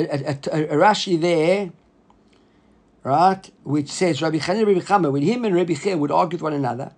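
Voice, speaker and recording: Male Talmud teacher, high voice, lively and animated lecturing. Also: slightly rough. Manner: animated, acts out the quoted rabbis in a raised voice; mixes Hebrew and Aramaic terms into English.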